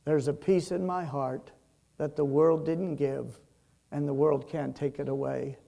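A man preaching a sermon as pastor, slow and emphatic, rising to loud peaks and dropping to soft, quiet passages. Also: a little high, fairly even intonation, creaky. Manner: slow, emphatic preaching that swells and drops in loudness.

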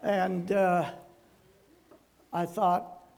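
A man's voice: high-pitched, flat delivery, extremely slow, creaky, a little mellow. An older man, a pastor, giving a folksy sermon full of homespun, rambling anecdotes.

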